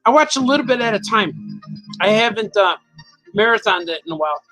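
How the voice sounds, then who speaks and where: Bright-voiced, chatty male cartoonist. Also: sits high, animated, brisk, soft background music, poor audio. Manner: chatty, playful, reads viewer comments aloud. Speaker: cartoonist livestreaming his drawing. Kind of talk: casual chat while drawing.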